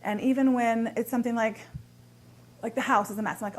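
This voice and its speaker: A woman's voice: medium pitch, quick pace. A woman hosting a short relationship advice segment, talking straight to the viewer in an upbeat, earnest coaching tone as she walks through numbered tips. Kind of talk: direct-to-camera advice talk.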